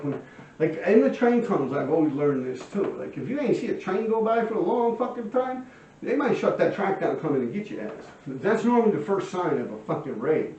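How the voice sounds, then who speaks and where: A man with a lively, high voice tells street stories to camera about his own past crimes, animated and profane, packed with slang and fillers. He's at home by a window, and the recording sounds roomy, distant and dull.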